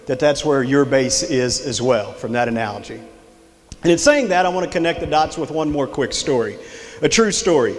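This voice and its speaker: A middle-aged man with a Texan accent gives a folksy motivational talk to a live audience, telling a story and drawing the crowd in with questions. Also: fairly high pitch. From Texas. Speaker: extension director giving a leadership talk. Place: large hall with live audience. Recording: long hall reverb.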